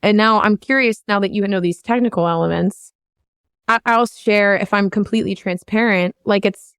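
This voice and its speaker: A woman's voice: medium pitch, moderate pace, fairly bright tone, clear, resonant tone, dry recording. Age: unknown. Sex: woman. Role: vocal coach host. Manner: rambling, earnest, emotionally open. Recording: dry. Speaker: vocal coach hosting a podcast. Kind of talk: candid podcast conversation.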